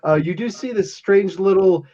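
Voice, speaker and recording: A man from New Jersey runs a tabletop game as game master, rambling and chuckling through his narration. His voice sits a little high yet sounds dark and mellow. The recording is dull and lo-fi. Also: normal speed.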